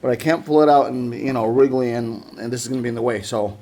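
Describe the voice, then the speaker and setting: A man with a mid-pitched voice chats his way through a hands-on repair, often circling back and restarting his sentences. He talks in a relaxed, informal way, like a vlogger working in his garage. Faint ambience sits under the voice. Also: fast, a little hiss or hum. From United States. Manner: rambling, chatty, self-correcting. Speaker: DIY vlogger. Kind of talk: casual how-to vlog. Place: garage or yard, working on a scooter.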